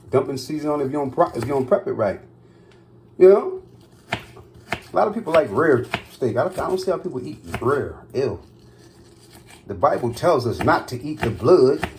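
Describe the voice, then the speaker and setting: Man, casual cooking-vlog host, excitable, very lively pitch, addresses viewers directly from a home kitchen. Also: slight background noise. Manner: excitable, talks straight to viewers. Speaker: cooking vlogger.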